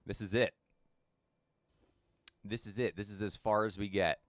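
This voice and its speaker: Low-voiced man streaming a game. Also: fairly even intonation, unhurried, long pauses, clean tone, dry recording, clean studio sound. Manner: chatty, laid-back, talks to chat by name. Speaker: streamer playing a game and chatting with viewers. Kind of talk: casual live-stream chat.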